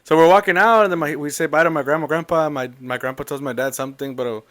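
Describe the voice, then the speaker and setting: A man telling a long family story in a casual, rambling, animated way. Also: fairly high pitch, fast talker.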